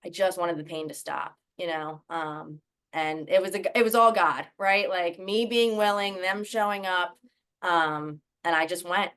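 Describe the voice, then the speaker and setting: Candid woman guest, slightly low voice. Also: steady tone, a little slow, fairly bright tone, clear, resonant tone. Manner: casual, full of "um", "like" and "right?". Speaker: podcast guest. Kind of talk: candid personal storytelling.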